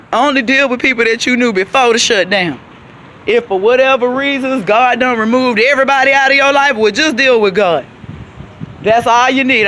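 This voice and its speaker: A woman's voice: a little high, fairly bright tone, a little hiss or hum. A woman, vlogging an emphatic, preachy rant while out on a walk, calling her listeners child and baby. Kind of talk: outdoor rant to camera. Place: outdoors on a city walk.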